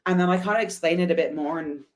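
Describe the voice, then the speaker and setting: A woman guest telling a lively, casual story and acting out the dialogue. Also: on the low side, quick pace. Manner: animated, acts out dialogue in anecdotes. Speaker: guest, motorcycle traveler.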